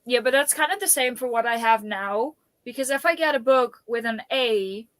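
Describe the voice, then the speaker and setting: A woman's voice: fairly high pitch, moderate pace, a bit bright, no room sound. A Dutch woman hosting a casual book live stream, rambling and restarting her sentences as she chats with friends. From Netherlands. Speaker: booktube host. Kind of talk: casual chat.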